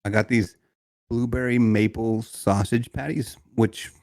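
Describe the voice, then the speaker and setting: A man co-hosting a podcast, telling a family story in casual chat with lots of laughter and animated retellings. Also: measured pace, no room sound, clean studio sound. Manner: animated, mimics people in high voices, laughs often. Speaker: podcast co-host.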